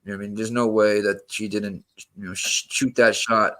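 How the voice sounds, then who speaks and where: A man's voice: on the low side, level tone, fairly quick, pushed and bright. A man guest in a casual panel discussion, talking emphatically and tagging lines with "you know what I mean".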